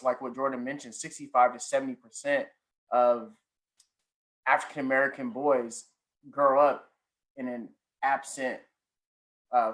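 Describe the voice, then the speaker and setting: Measured man on a conference panel. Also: medium pitch, a bit bright, low-quality recording. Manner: measured, cites statistics, checks in with "right?". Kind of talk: panel discussion.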